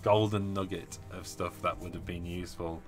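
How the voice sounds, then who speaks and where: A man's voice: low-pitched, fairly even intonation, normal speed, faint music behind. A man hosting a casual live stream, chatting, laughing often and reading viewer comments aloud. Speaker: host reading live chat.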